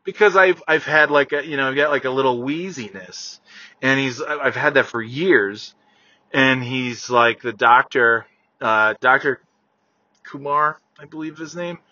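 A man talking casually while driving his car, ranting with lots of swearing and yelling at other drivers. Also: mid-range voice, unhurried, dry recording, highs cut off. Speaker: vlogger.

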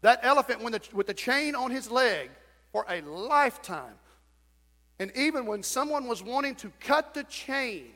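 A man preaching a sermon as pastor in a church, folksy and animated, with sudden loud shouts. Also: very high-pitched, normal speed. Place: church sanctuary. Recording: church sanctuary with long reverb.

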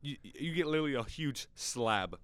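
A man's voice: medium pitch, lively intonation, moderate pace, smooth, dry recording. Teenage boy telling a work story. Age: teens. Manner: storytelling, laughing, shouts order calls in bursts. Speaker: podcast co-host. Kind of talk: casual chat. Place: school classroom studio. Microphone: studio mic.

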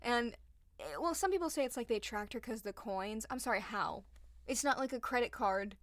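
A woman's voice: fairly high pitch, expressive, normal speed, fairly bright tone, no room sound. Chatty young woman telling a story. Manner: chatty, lots of "like", acts out quotes. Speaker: podcast co-host. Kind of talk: casual storytelling chat.

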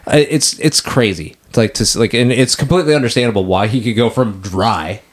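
A man co-hosting a podcast in casual chat, rambling with many restarts and acting out quotes from scenes. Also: medium pitch. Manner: rambling, halting, acts out quotes. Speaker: podcast co-host.

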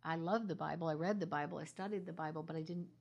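A middle-aged woman minister telling her story in a heartfelt conversational way, sinking into a soft half-whisper at tender moments. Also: sits low, quick pace, muffled recording.

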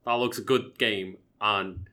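A man's voice: lowish voice, steady tone, unhurried, bright, forceful tone. A man co-hosting a podcast, jokey and prone to laughing, and he swears freely. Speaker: podcast co-host. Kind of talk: casual podcast chat.

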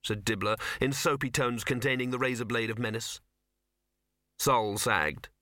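A man narrating a comic fantasy novel as an audiobook, in a dry, measured storytelling manner, recorded close to the mic. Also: medium pitch, bright, forceful tone, no echo. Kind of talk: scripted narration.

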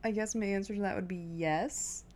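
Woman, thirties, podcast guest, dry wry humor, relaxed conversational tone at home. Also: medium pitch, brisk. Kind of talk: casual chat.

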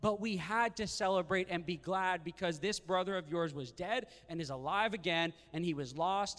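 A man's voice: high-pitched, normal speed, few pauses. A man preaching a sermon, asking the room questions and acting out the lines of the people in the story. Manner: animated, rhetorical questions, acts out the brothers' lines. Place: church sanctuary. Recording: reverberant church hall.

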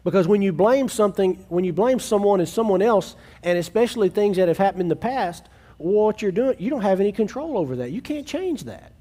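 A man's voice: high voice, expressive, a little fast, dark tone. Earnest man preaching a sermon. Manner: earnest, conversational preaching with frequent restarts; acts out quoted family dialogue. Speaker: pastor.

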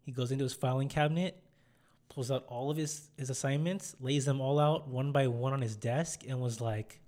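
A man's voice: mid-range voice, normal speed, a little mellow. A young man, hosting a podcast, chatting casually and acting out the voices in his stories. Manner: rambling storyteller, acts out quotes. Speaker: podcast host. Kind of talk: casual chat.

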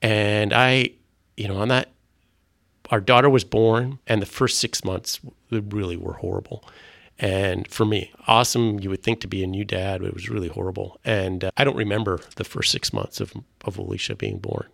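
Earnest middle-aged man, gravelly low voice, halting testimony. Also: fairly bright tone, no room sound, clean studio sound. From Canada. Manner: earnest, halting, with frequent restarts. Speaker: guest sharing a faith testimony. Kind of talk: personal testimony in conversation.

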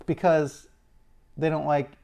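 A man from Illinois telling a personal story in an animated, exasperated way. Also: a little high, slow, vocal fry. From Illinois, USA. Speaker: speaker.

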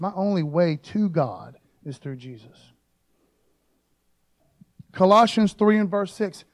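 A man's voice: high-pitched, expressive. A man preaching a casual sermon, joking, with frequent rhetorical asides. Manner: informal and joking, peppers talk with "man" and "okay?", quick rhetorical asides. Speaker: pastor.

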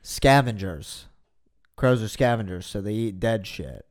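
A man speaking slowly, at an average pitch, trading casual banter on a podcast. He drops wry, deadpan and sarcastic one-liners.

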